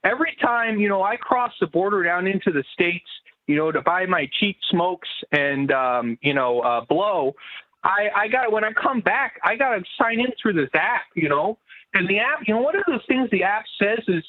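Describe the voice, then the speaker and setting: Male caller, high voice, rambling, stumbling, filler-heavy, tinny phone line. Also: lively intonation, moderate pace. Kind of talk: call-in talk show chat.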